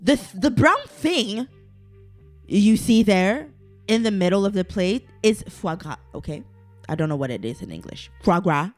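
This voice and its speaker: A woman's voice: medium pitch, expressive, normal speed, faint music behind. A young adult woman hosting her own podcast, ranting casually with lots of swearing and side tangents. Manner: swears a lot, ranty and digressive; exasperated, exaggerated complaining. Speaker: podcast host. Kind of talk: casual solo podcast rant.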